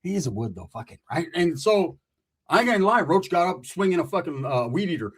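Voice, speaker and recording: A man's voice: fairly high pitch, big pitch swings, fairly quick, breathy edge. A man telling a rambling, profane street story in casual slang, full of asides.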